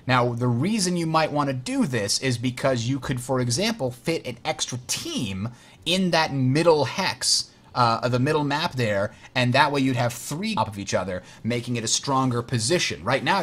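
A man's voice: mid-range voice, fairly bright tone. A man hosting a game tutorial, explaining rules step by step while playing, correcting himself with frequent fillers. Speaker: host teaching a board game.

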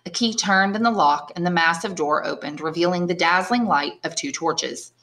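A woman, an English teacher, reading a classic novel aloud in clear, measured narration. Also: lowish voice, a bit bright. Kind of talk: audiobook reading.

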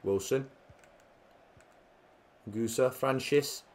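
A young man giving jokey live commentary on a football video game, dropping to quiet play-by-play and then bursting out loudly. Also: mid-range voice, drawn-out words. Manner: jokey, swings between quiet play-by-play and loud excited outbursts. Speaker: gaming commentator.

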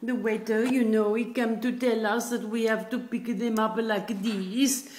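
A woman's voice: on the high side, steady tone, unhurried, a little mellow, natural voice. A woman voicing a stuffed toy dog who is prim and indignant about table manners, narrating in a chatty way. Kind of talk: comic puppet narration.

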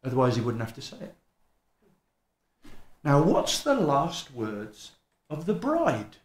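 A man preaching a sermon in a mission hall, building to loud, emphatic peaks. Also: mid-range voice, huge pitch swings, slow pace. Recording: echoey hall.

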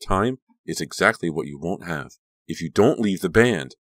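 A man voicing a jealous, hostile teenage girl who snaps threats, in a low voice. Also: lively intonation, moderate pace, a bit bright, dry recording, studio quality. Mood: threatening. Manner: snapping and threatening.

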